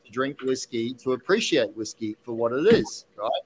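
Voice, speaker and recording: A man hosting a podcast, telling an animated story casually with many restarts and asides. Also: medium pitch, moderate pace, slight background noise, poor audio. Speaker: podcast host, whiskey distiller.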